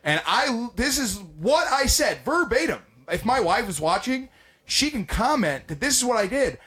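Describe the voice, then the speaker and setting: A young man co-hosting a podcast, telling crude comedic stories in a loud, profane, animated way that breaks into shouting. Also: extremely high pitch, moderate pace. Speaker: podcast co-host.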